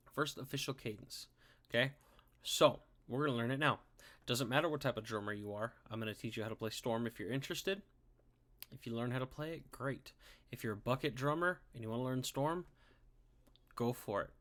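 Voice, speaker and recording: A man's voice: mid-range voice, a bit bright. A man teaching a casual online drumline lesson, upbeat and chatty, counting rhythms aloud and often checking in with "okay?". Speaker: music teacher. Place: home, recording to camera.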